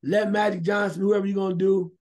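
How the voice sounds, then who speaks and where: A man co-hosting a sports radio show, giving emphatic, animated opinions and shouting now and then. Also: sits high, quick pace.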